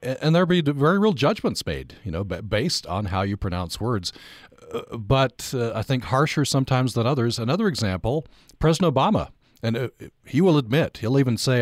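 A man's voice: medium pitch, very animated, brisk, dry recording, clean studio sound. A male radio host leading an interview and call-in show, conversational and wry.

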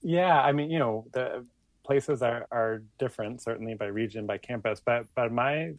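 A man's voice: medium pitch, moderate pace, no room sound. A man who works as a professor, giving a thoughtful interview answer and restarting his phrases as he thinks.

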